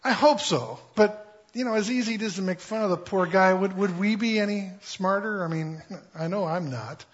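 Husky-voiced casual preacher. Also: male voice, high-pitched, moderate pace. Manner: casual and humorous, with many fillers. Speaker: pastor. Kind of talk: conversational Bible-teaching sermon. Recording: dull lo-fi recording.

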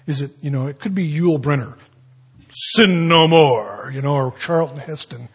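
A man's voice: a little high, fairly quick, a little mellow, husky. A man preaching a sermon, retelling stories in a folksy, conversational way with joking asides.

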